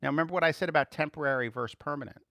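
A man preaching a relaxed, conversational sermon to a class. His voice sits a little high and sounds dry and close, with no room echo. He laughs often and swings between emphatic bursts and quiet asides. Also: racing, creaky.

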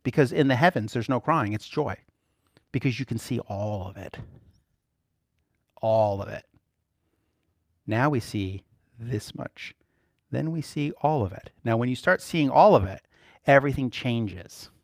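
A man preaching a sermon in an animated, playful way, often laughing between points. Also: medium pitch, unhurried, long pauses, dry recording, studio quality.

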